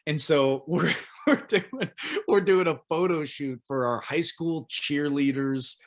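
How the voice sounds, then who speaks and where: A man from Oklahoma, a pro football punter, telling a lively story as a podcast guest and acting out the voices of people he quotes. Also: a little high, slow pace. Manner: animated, acts out quotes of others. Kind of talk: casual storytelling interview.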